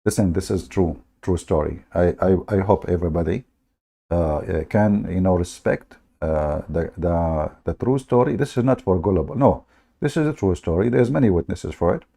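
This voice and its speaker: A man's voice: low-pitched, lively intonation, normal speed, gravelly, warm tone. A man hosting a live stream, talking in a sarcastic, mocking way and often laughing.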